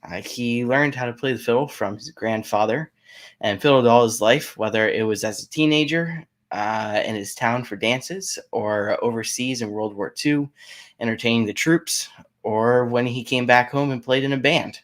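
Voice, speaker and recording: A man from Maine, a fiddle player, introducing his tunes in plain, modest, slightly halting explanations. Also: medium pitch.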